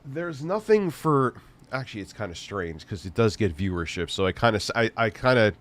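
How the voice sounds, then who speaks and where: A man's voice: fairly low pitch, very animated, brisk. A man hosting a livestream, rambling through casual chat with crude, profane jokes and frequent restarts. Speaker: livestream host.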